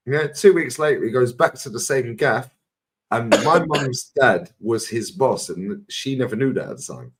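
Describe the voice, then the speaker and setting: A man with a London accent tells stories and rants bluntly in a casual podcast chat, swearing heavily and acting out quotes. His medium-pitched voice is animated, he speaks at a normal speed, and there's slight background noise.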